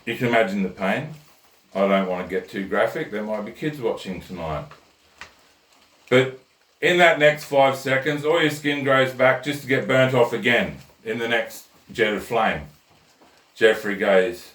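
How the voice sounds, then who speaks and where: A man's voice: on the low side, measured pace, fairly bright tone. A man, hosting a comic rant with a blunt, crude, conversational manner. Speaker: host. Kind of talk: comic rant and joke telling. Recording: roomy echo, mic at a distance.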